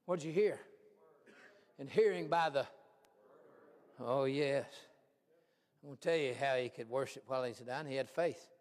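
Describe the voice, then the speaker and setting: A man pastor preaching a folksy, animated sermon, swinging from hushed asides to shouts. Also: mid-range voice, moderate pace, long pauses. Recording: long hall reverb.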